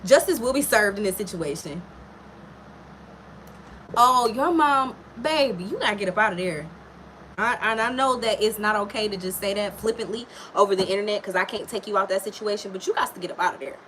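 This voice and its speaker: A woman's voice: mid-range voice, quick pace, fairly bright tone, slight background noise. Woman tarot reader, live stream, mid-range voice, blunt and profane, chatty big-sister energy. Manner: frank, profane and chatty, talking straight to a viewer. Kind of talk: casual live tarot reading.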